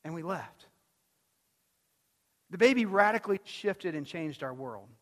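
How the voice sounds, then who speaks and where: A man with a high voice preaches a sermon, telling stories in a loose, conversational way and asking his listeners questions along the way. His words ring out with a long reverb, as in a church sanctuary. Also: animated, a little slow. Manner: conversational storytelling, asks the crowd questions. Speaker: pastor.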